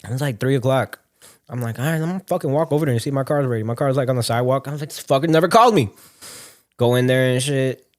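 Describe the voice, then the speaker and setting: A young man co-hosting a podcast, telling a story in casual chat, animated and swearing freely, acting out the voices he quotes. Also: mid-range voice, rapid-fire. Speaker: podcast co-host.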